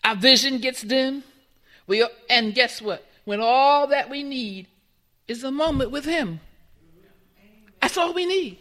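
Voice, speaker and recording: A woman's voice: sits high, animated, slow, long pauses, a bit bright. A woman giving a conversational sermon in a church, putting questions to the congregation. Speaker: church speaker.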